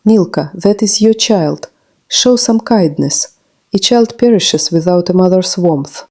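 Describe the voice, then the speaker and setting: A woman voicing a gentle, weary old grandmother who speaks softly and kindly. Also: deep voice, measured pace. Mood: scolding gently. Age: older. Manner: gentle, soothing.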